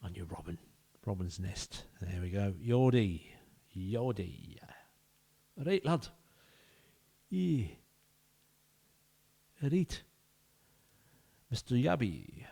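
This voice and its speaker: Slow-talking jokey man. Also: on the low side, sing-song, gravelly, dark tone, husky. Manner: jokey, banters with in-game players. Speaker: gaming video host. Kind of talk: casual let's-play commentary.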